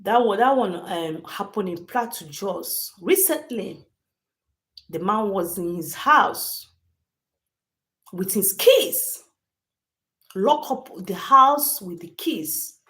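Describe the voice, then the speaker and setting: A woman's voice: mid-range voice, expressive, slow pace, pauses often, fairly bright tone. A woman hosting a livestream, telling a story to her chat emphatically and repeating phrases often. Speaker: livestream host.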